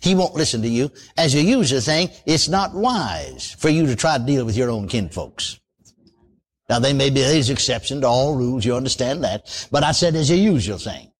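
A man's voice: medium pitch, lively intonation, normal speed. A man preaching a sermon in a folksy style, often exclaiming praise and asking for amens. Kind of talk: radio sermon.

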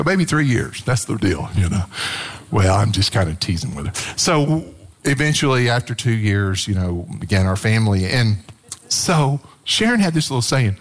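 A man's voice: lowish voice, big pitch swings, moderate pace. A middle-aged man, a pastor preaching a sermon, telling stories with playful acted quotes and emphatic swells.

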